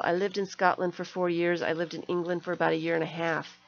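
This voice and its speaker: A woman's voice: on the low side, steady tone, a little fast, creaky, few pauses. A middle-aged woman hosting an art live stream, chatting casually and gushing with delight as she opens mail. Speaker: art channel host. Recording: slightly dull lo-fi stream audio.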